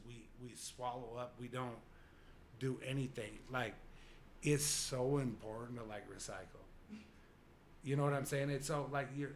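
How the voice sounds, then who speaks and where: A young man appears as a guest on a casual podcast, talking in a loose, rambling way packed with "like" and "you know." His voice sits at medium pitch, and a little hiss or hum runs under the recording.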